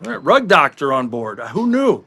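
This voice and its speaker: A man co-hosting a sports talk podcast, telling chatty anecdotes with quick asides. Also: on the high side, very animated, fairly bright tone, husky. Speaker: podcast co-host.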